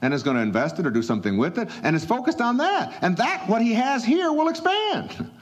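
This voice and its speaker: Lively high-voiced man giving motivational talk. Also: a little fast. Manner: animated, conversational, emphatic, chuckles between points. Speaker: motivational speaker.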